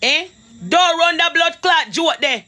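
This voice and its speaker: A woman's voice: very high-pitched, expressive, unhurried, pushed and bright. A woman with a Jamaican accent on a live stream, ranting and cursing furiously in patois. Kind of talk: heated live stream argument.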